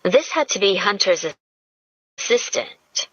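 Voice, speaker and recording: A woman narrating an audiobook in a slow, measured storytelling manner. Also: mid-range voice, expressive, a bit bright, dry recording. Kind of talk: scripted narration. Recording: dull lo-fi dry audio.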